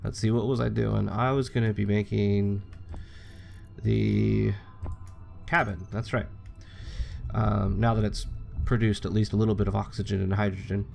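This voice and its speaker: A man's voice: on the low side, flat delivery, normal speed, vocal fry, pauses often, darkish tone, soft background music. A young man giving casual, rambling commentary while playing a game, chatting freely and swearing now and then. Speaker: gaming channel host.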